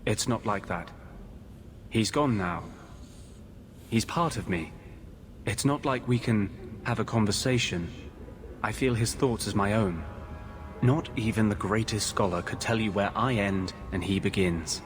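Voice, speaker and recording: A man's voice: fairly low pitch, unhurried, long pauses, soft background music, natural voice. An actor voicing a brooding male mage haunted by a vengeful spirit, speaking in a grave, intense, earnest way in video game dialogue. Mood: grim.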